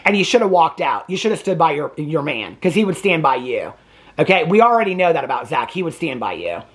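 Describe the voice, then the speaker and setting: A man's voice: on the high side, big pitch swings, fairly quick, a bit bright. A man hosting a reality TV reaction video, ranting indignantly and swearing freely in casual commentary. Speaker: TV reaction host.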